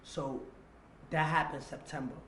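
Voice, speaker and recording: A young man telling a personal story as a guest, animated and full of slang, acting out what others said. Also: a little high, unhurried, a little hiss or hum. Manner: animated, acts out quoted dialogue, street slang. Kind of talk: confessional storytelling. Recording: roomy echo.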